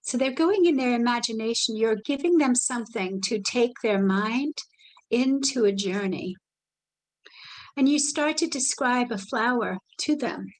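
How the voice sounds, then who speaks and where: Gentle woman leading a workshop. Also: a little high, low-quality recording. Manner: gentle, soothing, speaks in soft guided imagery. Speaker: workshop presenter. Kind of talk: live online workshop talk. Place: indoors, video call.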